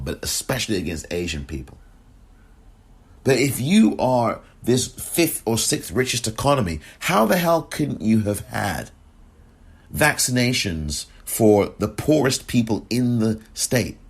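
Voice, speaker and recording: A lower-pitched man with a husky edge to his voice hosts a podcast monologue. He talks with a lively, swinging pitch, firing off indignant rhetorical questions in passionate opinion commentary. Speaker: podcast host.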